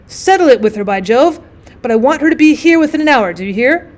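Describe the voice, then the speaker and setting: A woman's voice: sits high, lively intonation, a little fast. A woman voicing a stern, angry male country doctor in a storybook reading, scolding and commanding.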